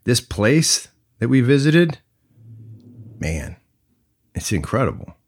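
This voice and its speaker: A man's voice: mid-range voice, sing-song, takes it slowly. A man hosting a solo podcast, talking in a playful, reflective way that moves between jokes and musing. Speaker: podcast host.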